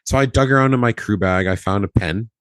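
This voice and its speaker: A man's voice: lowish voice, fast talker, no room sound. A man, a former flight attendant, casually telling a story on a podcast, acting out the dialogue and laughing often. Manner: animated, acts out quoted dialogue, laughs often.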